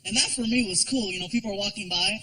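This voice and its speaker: High, bright-voiced male stand-up comic. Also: fast talker, low-quality recording. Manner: animated storytelling with voices and shouted punchlines. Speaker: stand-up comedian. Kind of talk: stand-up comedy routine.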